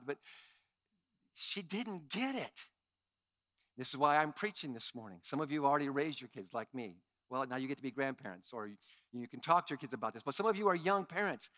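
A middle-aged man preaching a sermon as pastor, animated and impassioned. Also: medium pitch, fairly quick.

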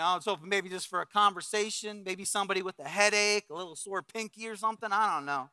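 A middle-aged man preaching as a pastor, telling a story with acted-out quotes and swings from loud bursts to hushed reflection. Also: high-pitched, quick pace, few pauses, clean tone, no room sound. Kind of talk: sermon storytelling.

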